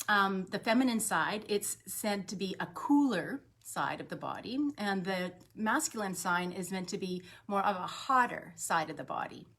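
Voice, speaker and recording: A woman coaching on breath and energy in a relaxed live stream. She talks gently and chattily, often pausing on um and starting over, with a middle-pitched voice that stays easy and unhurried. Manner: gentle, chatty, with many ums and restarts. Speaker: holistic health coach. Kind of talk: daily live wellness talk. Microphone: webcam on a live stream.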